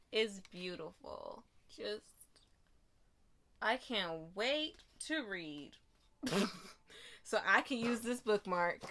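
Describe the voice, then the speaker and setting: A woman's voice: medium pitch, fairly bright tone. A young woman vlogging about books, unboxing a book box and gushing with emotion, dropping to whispers and rising to squeals. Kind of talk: excited unboxing vlog.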